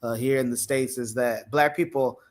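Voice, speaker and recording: A man hosting a livestream panel chat, animated and laughing often, acting out quoted lines. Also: medium pitch, moderate pace. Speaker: podcast host.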